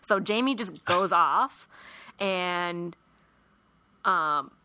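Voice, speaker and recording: A woman's voice: lowish voice, extremely slow, dry recording. A woman co-hosting a podcast, casually retelling a film plot with laughs. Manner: animated storytelling with laughs. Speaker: podcast co-host recapping a film. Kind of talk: casual chat.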